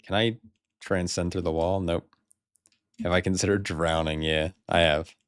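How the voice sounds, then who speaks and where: A man's voice: low-pitched, fairly even intonation, normal speed, smooth, dry recording, clean studio sound. An American man rambling casually while streaming a game, swearing freely and laughing often. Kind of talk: casual live-stream chat.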